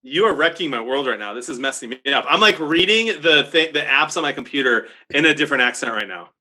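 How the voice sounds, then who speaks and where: Bright, playful man bantering. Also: medium pitch, lively intonation, quick pace. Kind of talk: casual chat.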